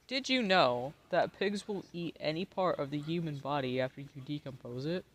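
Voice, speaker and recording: A slightly high-voiced man who is tipsy and giggly while he streams a game, rambling to his chat with lots of swearing and laughter in his delivery. His talk sounds loose and easygoing. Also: expressive, normal speed, fairly bright tone, slight background noise. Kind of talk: casual live-stream chat while gaming.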